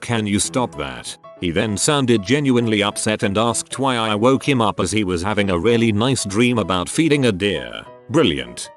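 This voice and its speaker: A man reading online posts aloud as scripted narration, lively and expressive with dry asides. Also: fairly low pitch.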